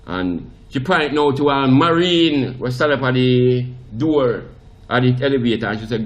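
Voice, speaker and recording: Jamaican priest guy telling a story, keeps restarting, does the voices, middle pitch. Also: moderate pace. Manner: animated anecdote, acts out quoted voices, frequent restarts. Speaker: priest and interview guest. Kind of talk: storytelling in conversation.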